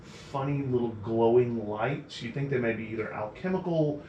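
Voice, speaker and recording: A man's voice: medium pitch, moderate pace, dull audio. Man narrating as game master. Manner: relaxed, rambling description with fillers. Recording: roomy echo, faint noise.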